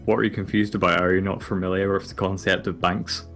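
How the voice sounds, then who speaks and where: Deep-voiced young man. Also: level tone, fast talker, fairly bright tone, soft background music. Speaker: podcast co-host. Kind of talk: casual chat.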